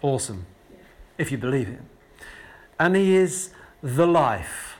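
A man preaching a sermon in a conversational way, slowing down to stress key words and repeating them for emphasis. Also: medium pitch, very animated. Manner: conversational asides with frequent fillers and restarts.

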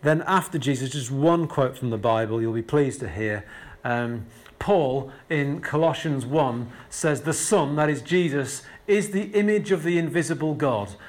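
A man preaching a sermon in a conversational way, slowing down to stress key words and repeating them for emphasis. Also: medium pitch, lively intonation. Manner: conversational asides with frequent fillers and restarts.

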